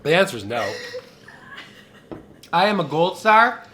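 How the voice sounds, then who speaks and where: Sassy, campy young man with a bright voice. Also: sits high, very animated, unhurried, slight background noise. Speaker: vlogger. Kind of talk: casual chat on camera, drinking game.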